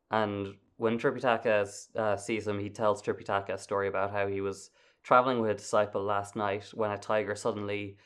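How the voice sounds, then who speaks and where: A man co-hosting a podcast, retelling a story casually and wryly. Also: on the low side. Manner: laid-back, wry, laughs while retelling. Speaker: podcast co-host.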